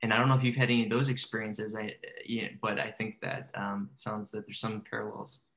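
A man's voice: on the low side, level tone, fast talker, fairly bright tone. A man hosting a casual podcast conversation, a trainer who animatedly acts out his exchanges with clients.

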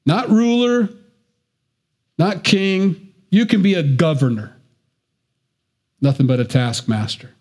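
Slightly high-voiced male preacher. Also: slow pace, long pauses, a little mellow. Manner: conversational preaching with asides and self-deprecating jokes. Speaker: pastor. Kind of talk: sermon.

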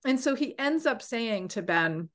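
A woman coach and podcast host telling a personal story in an animated way, acting out the voices of the people in it. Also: on the high side, measured pace. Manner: animated, acts out quoted voices.

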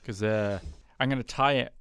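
A man's voice: medium pitch, normal speed, fairly bright tone, clean tone, dry recording. A man co-hosting a podcast in casual chat, eager and upbeat. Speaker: podcast co-host.

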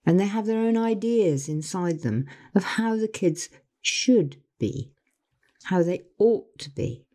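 Older woman, motivational coach, mellow tone, lively pitch. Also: slow pace. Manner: earnest, acts out other people's voices when quoting them. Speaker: life coach. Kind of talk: motivational talk to camera.

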